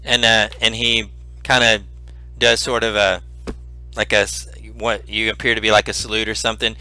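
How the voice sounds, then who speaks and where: A man narrating as game master in a tabletop game, halting with many fillers. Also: fairly low pitch, little pitch movement, sharp tone, soft background music.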